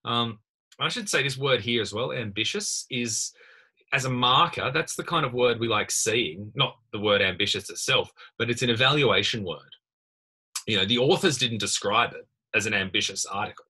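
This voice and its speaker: A man's voice: fairly low pitch, bright, forceful tone, husky. A man lecturing in a casual screen-recorded tutorial, thinking aloud with many fillers and restarts. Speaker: university lecturer.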